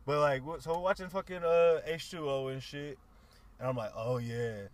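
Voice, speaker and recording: Slangy storytelling podcast guy, slightly high voice. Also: brisk. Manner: loose storytelling full of slang and swearing. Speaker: podcast co-host. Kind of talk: casual chat.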